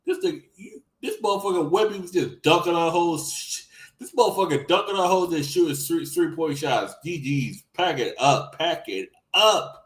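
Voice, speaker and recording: A man's voice: on the high side, moderate pace, roomy sound, rough recording. A man co-hosting a casual esports podcast, swearing a lot and acting out quotes as he tells stories. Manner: profane, animated storytelling with put-on quotes. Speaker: podcast co-host.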